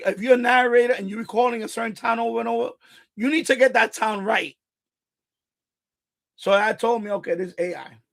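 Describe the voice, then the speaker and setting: A Puerto Rican man hosts a live stream, chatting casually at a desk mic in a voice that's high for a man and gravelly throughout. He gets animated and profane, stacking up restarts and curses as he talks.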